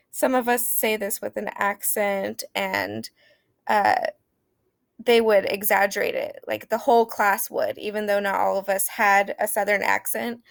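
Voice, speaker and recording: A woman's voice: medium pitch, vocal fry, no room sound, studio quality. A young woman teacher from Oklahoma explaining early math ideas in a casual, hesitant way, with many fillers. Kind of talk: informal lesson on early math.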